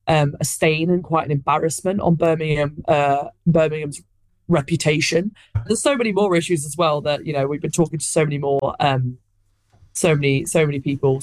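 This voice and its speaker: A woman's voice: low voice, darkish tone, dry recording. A young woman journalist answering a radio host's questions in a chatty way, with some fillers. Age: young adult. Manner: fluent but with fillers. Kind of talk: casual interview answer.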